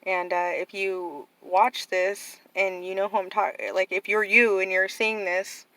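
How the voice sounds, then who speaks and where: A young woman talks straight to her viewers in a loose, rambling way, dropping "like" and "you know" into nearly every phrase. Her voice is bright and forward at a middling pitch, and the sound is dry and close. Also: level tone, a little slow, dry recording, poor audio. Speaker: vlogger telling about her nephew. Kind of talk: casual personal storytelling to camera.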